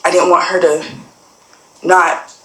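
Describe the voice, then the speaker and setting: Low-voiced young woman telling a story in a roomy space. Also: flat delivery, slow, fairly bright tone. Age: young adult. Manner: rambling, many fillers and quoted dialogue. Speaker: guest sharing a personal story. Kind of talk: casual personal storytelling. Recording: roomy echo.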